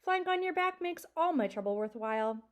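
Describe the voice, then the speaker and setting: Woman voicing a cheerful nine-year-old boy for a storybook, eager and bright, high and lively. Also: a little fast.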